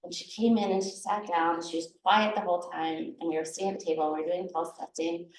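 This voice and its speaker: A woman's voice: fairly low pitch, fairly even intonation, fast, recorded from a distance. A woman herbalist from Minnesota giving a casual talk, chatty and laughing often, with many restarts. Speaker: herbalist teacher. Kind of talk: casual talk to a guild audience. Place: room at a guild meeting. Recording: echoey room.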